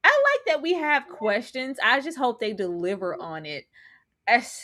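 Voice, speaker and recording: Animated woman recapping a TV episode. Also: fairly high pitch, normal speed. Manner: animated, laughs often, acts out reactions. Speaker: co-host. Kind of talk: casual TV recap chat.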